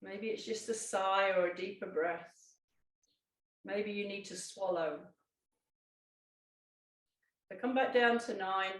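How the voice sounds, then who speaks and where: A woman, a Pilates instructor gently guiding a seated exercise, with calm instructions and small self-corrections. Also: medium pitch, a little slow, recorded from a distance. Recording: echoey room, voice off-mic.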